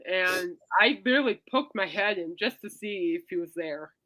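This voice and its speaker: On her own podcast, a woman with a fairly low-pitched voice and normal speaking speed chats casually and tells meandering stories. Her delivery is animated, rising loud and dropping soft, and she refers to her listeners as "people."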